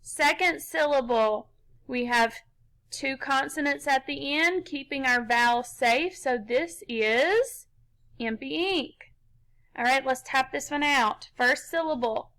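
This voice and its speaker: A woman teaching a children's phonics lesson, explaining slowly and patiently step by step. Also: sits high, a bit bright, low-quality recording. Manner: slow, patient, step-by-step instruction.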